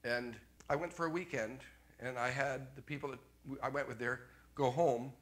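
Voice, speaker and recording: An older man preaching a sermon as pastor, animated, jumping from loud exclamations to quiet asides. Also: medium pitch, normal speed.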